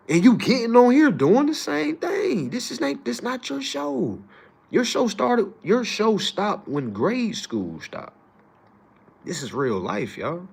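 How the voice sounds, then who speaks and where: Animated, slangy man ranting. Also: vocal fry, slightly rough. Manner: animated, swings between loud exclamations and low asides; slangy, profane, addresses audience as y'all. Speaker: livestream host. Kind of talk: casual livestream rant.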